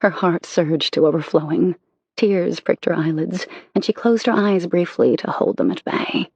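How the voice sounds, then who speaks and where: An audiobook narrator reading a romance novel in an intimate, measured way. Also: medium pitch, steady tone, vocal fry, darkish tone, slightly rough, no room sound.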